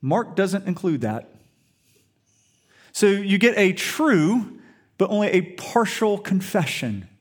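A man's voice: high voice, animated, slow pace. A man preaching a sermon in an emphatic storytelling way, full of rhetorical questions. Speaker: pastor.

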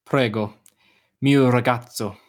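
A young actor playing a tired, gentle uncle in a radio drama, patient but quick to flare. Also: male voice, mid-range voice, fairly even intonation, lightly acted. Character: uncle Gio, weary, tender, short-tempered.

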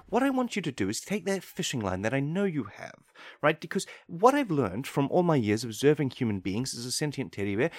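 A man's voice: on the high side, dry recording, studio quality. A man voicing a chatty sentient teddy bear who rambles and coaxes his listener politely, often asking "right?".

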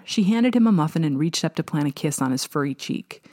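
A woman narrating a first-person novel in a measured, wry way. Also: low-pitched, lively intonation, mellow, no echo, studio quality. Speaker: audiobook narrator.

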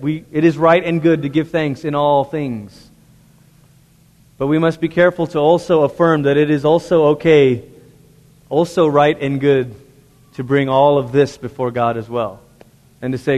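At normal speed and with a fairly high pitch, a male pastor gives an earnest, conversational sermon to churchgoers, often asking them direct questions. The recording has a large hall's long reverb.

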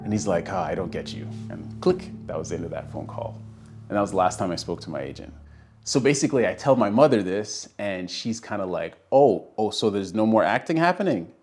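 Lowish male storyteller, faint music behind. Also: a little fast. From Canada. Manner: animated storyteller acting out quoted voices. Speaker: guest telling his story. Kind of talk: casual storytelling.

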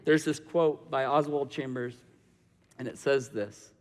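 A man's voice: mid-range voice, fairly even intonation, unhurried, a little mellow, big-room sound. A man preaching a sermon, telling a personal story that builds into impassioned preaching. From Michigan. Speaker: pastor.

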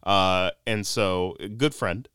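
A man's voice: low voice, steady tone, slow pace, a bit bright, smooth, no room sound. A young man from the North Carolina mountains hosting a podcast, joking and telling stories in a casual chat into a studio mic. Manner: playful, joking, storytelling with quoted voices. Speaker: podcast host.

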